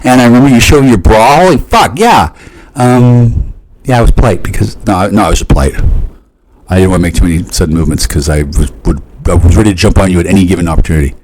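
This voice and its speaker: A man talks in a loose, rambling monologue, swearing freely and often restarting his sentences. His voice sits fairly low and sounds mellow and dark. Every so often it leaps suddenly higher. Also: quick pace, poor audio.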